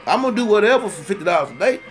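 A man ranting in a comic monologue, his voice sitting high and jumping into loud, indignant outbursts. He talks in a profane, rambling way and circles back to repeat his points, with faint music somewhere behind him. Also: big pitch swings, very fast. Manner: profane, heated and rambling, repeats himself for emphasis. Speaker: storyteller ranting to camera.

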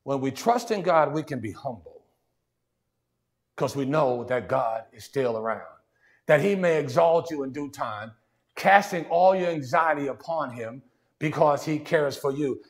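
A man's voice: on the high side, lively intonation, measured pace. A man preaching a sermon in a conversational way, often saying "see" and "watch this" and restarting his sentences. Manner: frequent restarts and stammered repeats.

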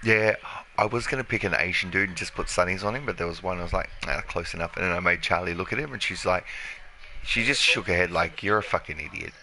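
A man's voice: deep voice, quick pace, pushed and bright, a little hiss or hum. A man streaming a video game, joking and swearing as he chats and plays. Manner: profane, joking, laughing banter. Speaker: gaming streamer. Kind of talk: casual let's play commentary.

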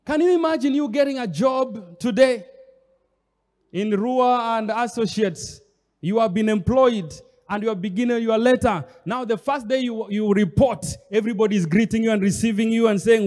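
A man's voice: high voice, moderate pace, a little mellow. A man preaching a sermon as pastor, emphatic and repetitive, speaking straight to the congregation. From Kenya. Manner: emphatic, repeats phrases, addresses the congregation directly. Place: church hall. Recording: long hall reverb.

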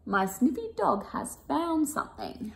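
A woman's voice: sits high, big pitch swings, a little slow, gravelly, slight background noise, pitched above the performer's own voice, exaggerated voice. A woman voicing a confident man with a sniffing dog in a read-aloud picture book. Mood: bossy.

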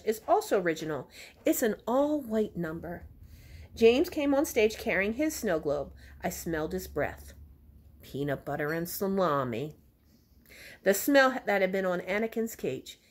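A woman reading a children's book aloud, in an expressive way with chatty asides about the story and its pictures. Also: medium pitch. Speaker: reader.

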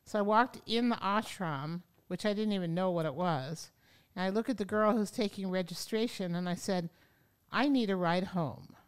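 A woman yoga teacher telling stories as an interview guest, animated and acting out the voices of people she quotes. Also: mid-range voice, normal speed, clear, resonant tone. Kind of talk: storytelling in an interview. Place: podcast studio.

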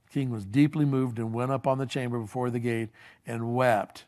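A man with a darkish, steady, medium-pitched voice preaches at a moderate pace, keeping things casual and conversational. As a pastor retelling a story in everyday speech, he uses frequent fillers and restarts and acts out the quoted lines.

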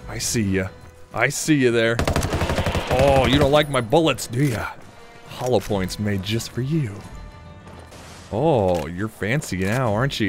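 A man's voice: mid-range voice, unhurried, music in the background. A man giving joking, mock-dramatic commentary while playing a shooter game, taunting his enemies. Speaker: gaming video creator. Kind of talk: playful gameplay commentary.

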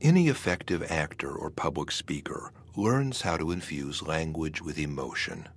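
Husky-voiced man narrating a lesson. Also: rumbling low, expressive. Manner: measured, explanatory. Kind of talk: scripted educational narration.

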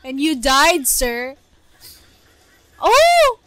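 A woman hosting an anime reaction video, talking casually and gushing with excited exclamations. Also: high voice, a little slow, no room sound.

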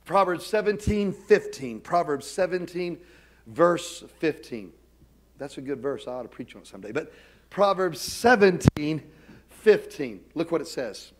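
A middle-aged man preaching a sermon as pastor, with self-deprecating humor, dropping to quiet asides and rising to loud, emphatic calls. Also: on the high side, very animated, a little slow.

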